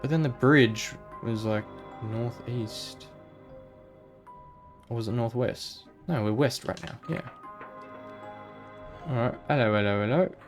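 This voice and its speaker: A man's voice: medium pitch, slow pace, pauses often, music in the background. A man playing a video game and thinking aloud in a rambling, casual way. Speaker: gamer. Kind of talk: let's play commentary.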